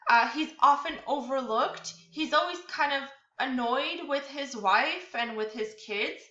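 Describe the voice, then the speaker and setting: A woman's voice: high voice, measured pace, bright, forceful tone. A woman teaching a literature lesson over slides in a casual, chatty way, full of fillers and restarts. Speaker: literature tutor. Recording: echoey room, dull lo-fi sound.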